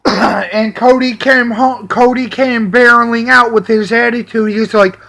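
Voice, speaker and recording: A man's voice: very high voice, fairly even intonation, vocal fry, pushed and bright. A man ranting angrily about people who stayed in his home, swearing heavily and in a heated tone. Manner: profane, heated, drawn-out delivery. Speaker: vlogger. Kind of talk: angry personal rant.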